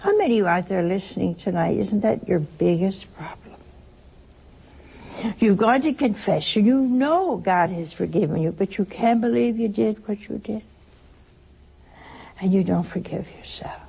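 A woman's voice: mid-range voice, normal speed, creaky, long pauses, mellow, slightly rough. A woman giving a conversational sermon to her listeners, telling stories and often laughing as she talks. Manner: chatty storytelling, laughs through her anecdotes. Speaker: religious speaker addressing listeners.

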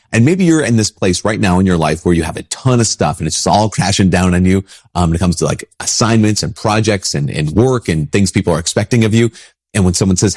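Sick priest guy, stuffy nose, kinda husky, low voice, chatty and restarts a lot. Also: lively intonation, brisk, darkish tone, dry recording, studio quality. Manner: casual, rambling, frequent restarts. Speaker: Catholic priest. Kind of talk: conversational spiritual talk.

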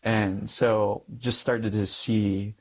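A man's voice: lowish voice, little pitch movement, very slow. A young man, a Catholic priest, earnestly telling a personal story in an interview and often laughing between sentences.

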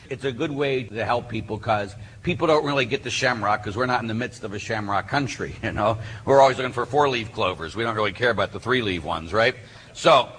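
A man, a Catholic priest, preaching a sermon and telling stories with lively acted-out voices. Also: mid-range voice. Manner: animated storyteller who acts out voices. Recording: hall reverb, faint background noise.

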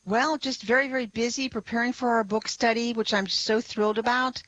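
A woman guest on a radio talk show, enthusiastic and quick to laugh. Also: a little high, steady tone, fairly bright tone, no room sound, muffled recording. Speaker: guest, blog writer.

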